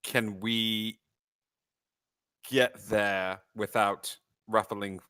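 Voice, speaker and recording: A male player works through his plan slowly, halting often. His voice sits low but sounds bright and forward. The recording is close and dry. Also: steady tone, clear, resonant tone, dry recording. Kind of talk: casual tabletop play.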